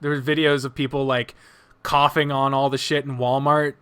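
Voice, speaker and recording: A man's voice: medium pitch, flat delivery, moderate pace, fairly bright tone, clean tone. Profane, emphatic podcast co-host man. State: tired. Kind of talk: casual podcast chat.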